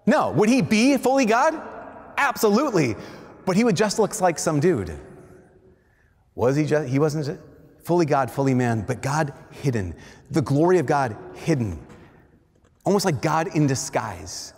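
A Catholic priest, a man, giving a lively storytelling sermon, animated and self-deprecating, often laughing, in a large church. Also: fairly high pitch, a little slow, gravelly, long pauses. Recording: long echoing church reverb.

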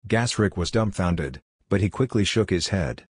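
A man narrating a fantasy audiobook in an even, steady reading voice. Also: sits low, normal speed, hardly any pauses, husky, dry recording, clean studio sound. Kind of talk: scripted narration.

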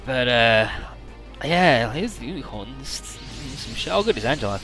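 Bright-voiced casual game commentator, man. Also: mid-range voice, expressive, normal speed, soft background music. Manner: loose, irreverent retelling full of swearing and filler words. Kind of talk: casual let's-play story recap.

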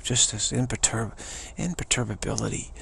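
A man giving a rambling, animated spiritual talk, slipping into different characters' voices as he goes. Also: on the low side, normal speed, gravelly, a little hiss or hum. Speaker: spiritual teacher.

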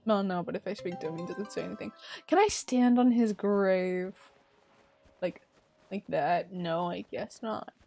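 A woman streaming a game, chatting casually and swearing at it in sudden loud bursts. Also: mid-range voice, unhurried, creaky, faint music behind. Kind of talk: casual gaming commentary.

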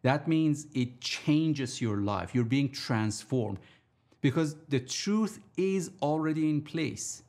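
A man teaching a sermon on scripture, deliberately repeating his key points for emphasis. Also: on the high side, animated, darkish tone. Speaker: Bible teacher.

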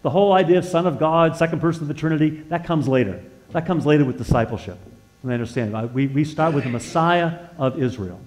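A man preaching a sermon as a guest speaker in a church. He tells stories, swings between loud emphasis and hushed, earnest tones, and often repeats words and restarts phrases. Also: a little high, quick pace, rough recording. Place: church sanctuary.

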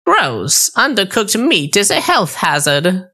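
A man putting on a cackling green-skinned witch for an audiobook. The voice is high and sharp and swings wildly in pitch, bossy and greedy one moment and cooing the next. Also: sing-song, slow, full character voice. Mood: curious. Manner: high screechy put-on voice, snapping and cooing. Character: shrill green-skinned child-eating female witch, bossy. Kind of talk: audiobook character voice.

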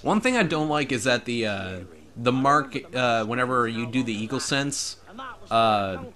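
A man's voice: medium pitch, expressive, unhurried, pushed and bright. A man casually commentating as he plays a video game at home, chatty, laughing often, and joking around. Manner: chatty, laughs often, jokey put-on accents. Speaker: let's play gamer. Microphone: desk microphone.

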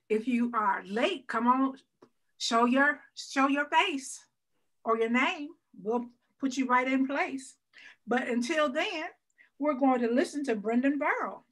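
Woman host, high bright voice, unhurried, chatty, video call. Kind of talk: hosting a virtual story slam.

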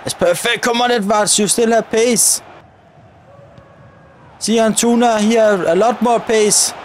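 Excitable high-voiced man commentating gameplay. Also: unhurried, slight background noise. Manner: excitable, shouts at players and referee. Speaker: gaming YouTuber.

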